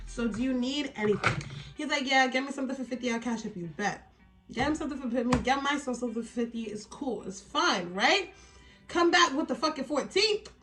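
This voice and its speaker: A woman telling a story in a get-ready-with-me vlog, animated and exasperated, with frequent swearing. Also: fairly high pitch. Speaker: beauty vlogger.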